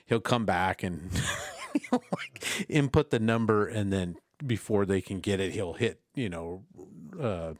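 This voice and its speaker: A man's voice: on the low side, big pitch swings, slow, no room sound, studio quality. A man co-hosting a casual podcast, swearing freely and laughing as he retells stories. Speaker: podcast co-host. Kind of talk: casual chat.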